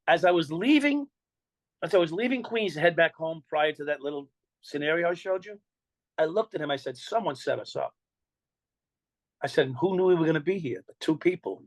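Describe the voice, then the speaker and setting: An older man with a New York accent tells his story in an interview, speaking bluntly and swearing freely as he acts out what people said to him. His voice sits a little high for a man. The sound is dry and close. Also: no echo, low-quality recording. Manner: blunt, profane, acts out quoted dialogue. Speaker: interview guest.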